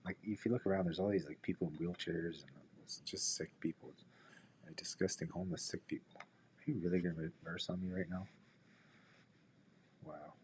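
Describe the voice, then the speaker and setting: Deep-voiced man, day trader, rambling and profane, mutters and whispers to himself while trading. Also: fairly even intonation, moderate pace, long pauses, a little hiss or hum. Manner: drops into whispers. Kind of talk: casual trading commentary with personal stories.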